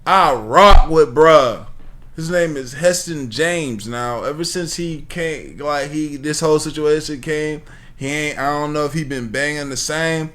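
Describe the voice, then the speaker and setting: A man's voice: a little high, unhurried, a bit bright. A man hosting a reaction video, talking casually with lots of slang and swearing, rambling and laughing as he watches.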